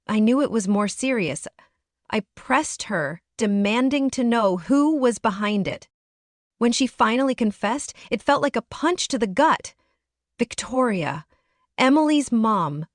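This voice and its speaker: A woman's voice: a little high, dry recording, clean studio sound. A woman narrating a dramatic first-person story in an earnest, emotional way.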